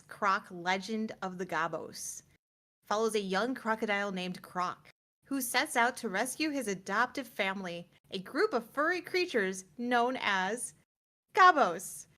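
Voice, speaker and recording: Brief: female co-host, mid-pitched, relaxed live-stream banter with game news reads. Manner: reads release blurbs, then chats with quick laughs. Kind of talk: casual live-stream chat.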